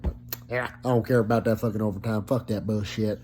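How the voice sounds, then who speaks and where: A man's voice: on the low side, lively intonation, fast talker, a little mellow, slight background noise. A young man telling a rambling, profane story about being sick, recorded at home while he is still coughing a little. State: still coughing after illness. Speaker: vlogger. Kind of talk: casual storytelling vlog. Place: at home on his sofa.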